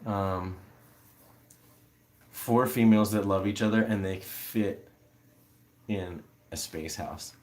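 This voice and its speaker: A man's voice: deep voice, fairly even intonation, takes it slowly, long pauses, darkish tone. A man hosting a casual livestream, rambling with many fillers as he answers viewer comments. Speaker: livestream host.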